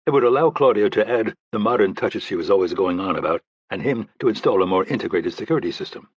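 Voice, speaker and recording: A man narrating a thriller audiobook in a steady, even storytelling manner. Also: on the low side, quick pace, husky, dry recording, highs cut off.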